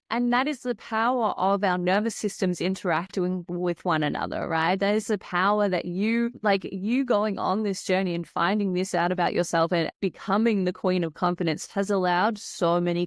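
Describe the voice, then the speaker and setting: A woman's voice: mid-range voice, no room sound. Host: woman, anxiety coach, reflective flowing talker, dry close sound. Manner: reflective, flowing, with frequent "like" and "right?". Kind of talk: casual conversational interview.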